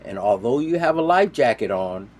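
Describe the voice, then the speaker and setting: A man casually telling a story, animated, jumping between loud quoted voices and quiet asides. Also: medium pitch, normal speed. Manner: animated, acts out quoted voices with sudden loud and soft swings. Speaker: storyteller on a talk show.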